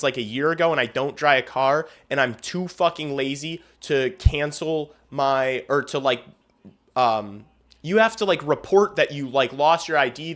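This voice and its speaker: A man's voice: on the high side, fairly bright tone. A young man hosting a hockey livestream, telling a rambling story between casual play-by-play calls, swearing freely.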